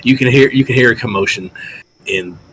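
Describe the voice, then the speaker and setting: A man narrating as game master, relaxed and hesitant, laughing now and then. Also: medium pitch, fairly quick, a little hiss or hum, low-quality recording.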